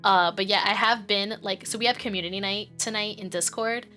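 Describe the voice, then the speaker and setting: A woman's voice: medium pitch, steady tone, a little fast, bright, forceful tone, faint music behind. A woman streamer chatting casually while playing, rambling, giggling often and swearing freely. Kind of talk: casual live-stream chat.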